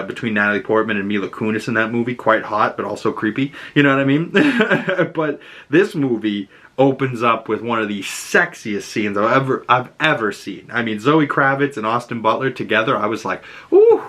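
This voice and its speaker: Bright-voiced chatty man reviewing a movie. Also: mid-range voice. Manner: chatty, animated, lots of fillers and swearing. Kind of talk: casual spoken movie review.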